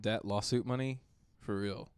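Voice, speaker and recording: A man co-hosting a gaming podcast, joking and riffing with quick asides. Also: on the low side, steady tone, darkish tone, smooth, no room sound. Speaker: co-host. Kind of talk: casual podcast banter.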